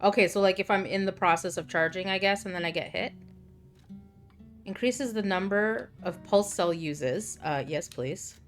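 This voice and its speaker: A woman's voice: medium pitch, normal speed, soft background music. A young woman streaming a game, chatting casually, joking and reading game text aloud. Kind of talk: casual gameplay commentary.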